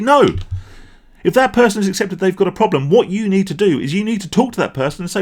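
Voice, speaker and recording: A man's voice: sits high, fast talker. Blunt, ranting man. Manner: blunt, swearing, emphatic. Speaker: vlogger. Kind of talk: ranting vlog monologue.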